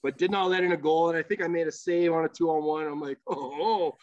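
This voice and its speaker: Speaking quickly in a steady, fairly high voice, this ex-goalie guests on a podcast and wanders through a loose, profane anecdote full of filler words. There's no echo, and the sound is dull, lo-fi podcast quality.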